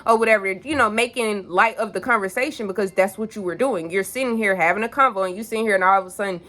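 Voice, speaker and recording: A woman's voice: medium pitch, quick pace, sharp tone. A young woman telling a story in a candid, rambling vlog, swearing freely and piling on filler phrases. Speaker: vlogger.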